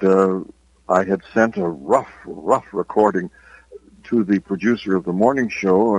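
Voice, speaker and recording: Older Irish-accented male author, husky and low-voiced, dry close sound, reflective and unhurried. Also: dry recording, poor audio. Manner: reflective, unhurried, with hesitant pauses. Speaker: author guest. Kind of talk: interview storytelling.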